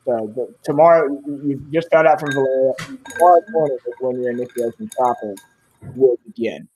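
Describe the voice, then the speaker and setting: A man's voice: mid-range voice, a little fast, warm tone, a little hiss or hum. A man narrating as game master of a tabletop game, rambling with many fillers.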